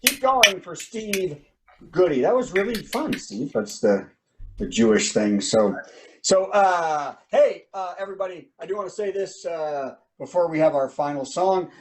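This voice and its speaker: High-voiced joking male comedy host. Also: very animated, a little slow. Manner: rambling, joking, upbeat. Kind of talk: live online comedy show hosting.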